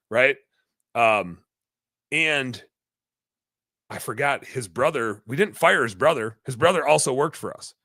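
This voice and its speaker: A man hosting a podcast, telling a long story in a rambling, animated way, full of fillers. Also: mid-range voice, dry recording. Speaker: podcast host, business owner.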